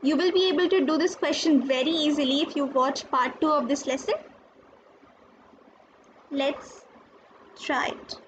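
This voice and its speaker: A woman's voice: high-pitched, fairly even intonation, measured pace, pauses often. A woman teaching a recorded French lesson, patiently spelling out letters and repeating each word. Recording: dull lo-fi with faint noise.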